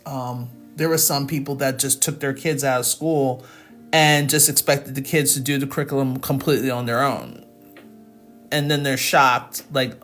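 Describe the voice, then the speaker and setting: A woman's voice: deep voice, a bit bright. A middle-aged woman tutoring math in a casual livestream, chatting with viewers and laughing often.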